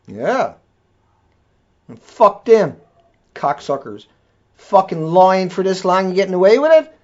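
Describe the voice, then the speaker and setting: A man's voice: sits high, animated, a little slow. A man delivering an angry, profane, repetitive rant as a video blogger. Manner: furious, profane, repetitive tirade. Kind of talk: angry ranting monologue. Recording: dull lo-fi recording.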